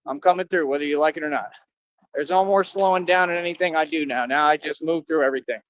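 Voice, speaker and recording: A man's voice: a little high, quick pace, no echo, dull audio. A man livestreaming, talking to his viewers in a boastful, confrontational rambling monologue with slangy street talk.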